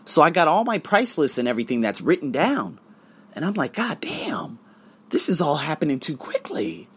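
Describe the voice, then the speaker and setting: A man's voice: a little high, fairly quick, breathy edge. A man, an English tutor, telling a casual motivational story, acting out both sides of conversations and swearing freely. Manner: animated, acts out both sides of dialogues, swears.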